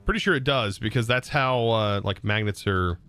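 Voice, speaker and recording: A man's voice: on the low side, normal speed, bright, forceful tone, clear, resonant tone, faint music behind. A man with a Southern US accent chatting casually on a live game stream, reading chat aloud and laughing often.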